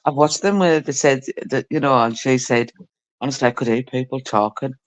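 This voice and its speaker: A man chatting casually in a jokey way, firing off quick anecdotes. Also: medium pitch. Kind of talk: casual chat.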